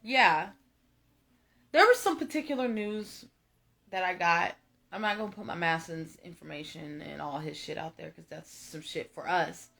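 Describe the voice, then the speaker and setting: A woman's voice: lowish voice, normal speed, gravelly, a bit bright. A young woman doing a tarot reading, talking straight to her viewers in an emphatic, repetitive way that is full of swearing. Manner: emphatic, repetitive, profane, addresses viewers directly. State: tearful at moments. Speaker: tarot reader. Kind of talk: casual spiritual reading monologue.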